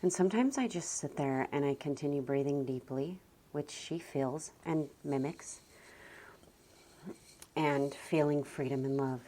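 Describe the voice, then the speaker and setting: A young adult woman talking gently and slowly about calm parenting, often dropping almost to a whisper. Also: sits low. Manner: soft, slow and gentle, often near a whisper. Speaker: parenting vlogger. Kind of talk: calm reflective talk to camera.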